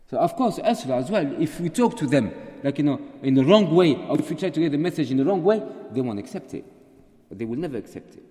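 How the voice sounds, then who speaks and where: A man's voice: a little high, big pitch swings, fast, warm tone. A man leading a casual group question-and-answer session, chatty and storytelling, slipping in Urdu words. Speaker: community teacher leading a Q&A. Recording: echoey hall.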